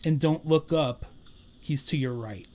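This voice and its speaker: A man working as a psychic medium, giving an earnest live-stream spirit reading and relaying messages with repetitive, animated bursts. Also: fairly high pitch, measured pace.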